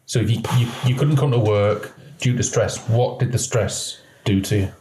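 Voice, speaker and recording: A male podcast host with a lowish, mellow voice asks measured follow-up questions. He records in an echoey room. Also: slight background noise. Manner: brief acknowledgements, measured questions. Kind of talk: interviewer asking follow-up questions.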